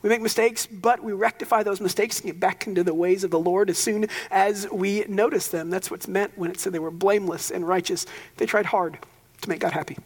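A man's voice: high-pitched, steady tone, fairly quick, slightly rough, long reverb tail. A young man preaching a sermon as pastor, casual and conversational, with joking asides.

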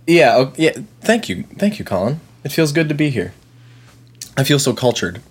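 Male podcast host, casual beer chat, goofy, mid-pitched. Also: big pitch swings, normal speed, husky. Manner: playful, goofy.

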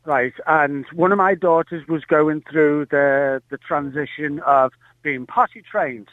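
A man's voice: on the high side, steady tone, a little slow, no room sound. A man calling a radio show, telling a family story animatedly and acting out the voices. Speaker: caller. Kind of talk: phone-in storytelling. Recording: tinny phone line.

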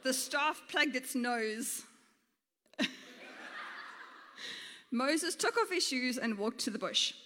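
A woman's voice: sits high, animated, slow, pauses often, pushed and bright, big-room sound, a little hiss or hum. A woman teacher giving a playful storytelling sermon, laughing often and talking informally. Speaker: teacher and guest speaker.

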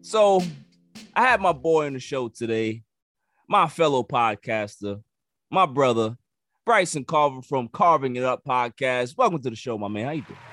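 A man with a New York accent hosting a casual sports podcast, teasing his guest with drawn-out emphasis. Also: mid-range voice, lively intonation, fairly bright tone, soft background music. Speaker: podcast host.

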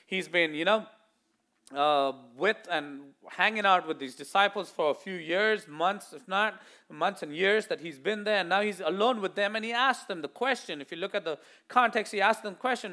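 A male pastor delivers an animated sermon to his congregation in a high voice. His tone is bright and forceful. He swings between loud declarations and hushed asides, acting out the voices he quotes. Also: brisk.

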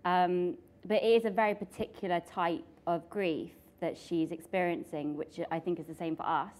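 Give me a young woman telling an animated story in a casual chat, laughing often. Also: on the low side, moderate pace. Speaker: author and actress. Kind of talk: casual chat with her sibling.

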